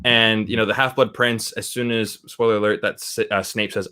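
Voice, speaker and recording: A man's voice: fairly low pitch, flat delivery, fairly quick, sharp tone, clean tone. A man who is a guest film critic chatting casually, rambling along and often checking in with "right?". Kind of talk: casual chat.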